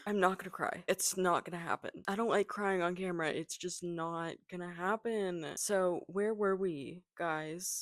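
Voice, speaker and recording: A woman book vlogger in a casual reaction vlog, excitable and rambling, swearing often. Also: mid-range voice, moderate pace, no echo, clean studio sound. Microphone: camera.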